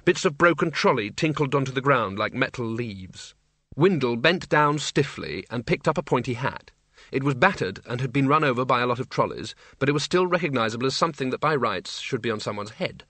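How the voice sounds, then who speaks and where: A man narrates a comic fantasy novel in a measured, dry storytelling manner. His tone is bright and clear. The recording is close and dry. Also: mid-range voice, expressive, no room sound. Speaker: audiobook narrator. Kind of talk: scripted narration.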